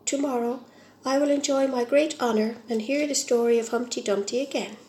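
A woman's voice: on the high side, steady tone, brisk, warm tone, a little hiss or hum, natural voice. A woman voicing a hopeful, wistful male fir tree in a storybook reading. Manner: earnest, longing, sometimes indignant.

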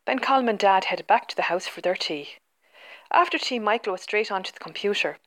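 Expressive woman reading a storybook. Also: mid-range voice, fairly quick. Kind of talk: children's storybook read-aloud.

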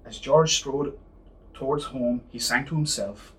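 A man reads a children's picture book aloud, lively and expressive, his voice rising with the story. He sits back from the mic, with a faint hiss in the background. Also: mid-range voice, a little slow, distant mic, rough recording.

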